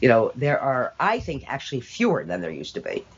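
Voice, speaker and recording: An older woman talks in an interview with blunt, sardonic conviction, leaning hard on her points. Her pitch jumps around animatedly, and she drifts into long asides before landing the punchline. The recording sounds slightly dull, with a soft hiss underneath. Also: wildly swooping pitch, fairly quick. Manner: emphatic, opinionated, sardonic with rambling asides. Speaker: interview guest. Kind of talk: conversational interview.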